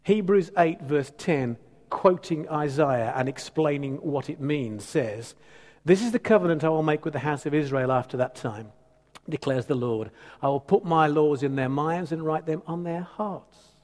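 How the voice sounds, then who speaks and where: A man's voice: a little high, moderate pace, darkish tone. A man preaching a sermon in a conversational, teasing, emphatic way. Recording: reverberant hall.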